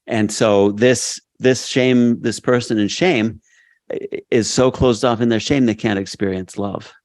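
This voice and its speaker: A man's voice: mid-range voice, steady tone, unhurried, a little mellow, no echo. A man co-hosting a casual book discussion who speaks in a reflective, thoughtful way.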